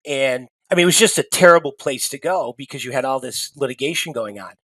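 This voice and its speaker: A middle-aged man, a sales executive, telling stories as an interview guest, animated, with frequent restarts. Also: mid-range voice, quick pace, breathy edge, no echo. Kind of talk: casual storytelling interview.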